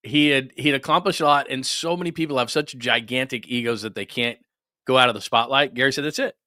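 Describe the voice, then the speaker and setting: A man co-hosts a sports talk show, with a relaxed, agreeable manner. His voice has a bright, forward edge. The recording is dry and close. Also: medium pitch, fast, no echo. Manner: relaxed, affirming, chimes in briefly. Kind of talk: casual chat.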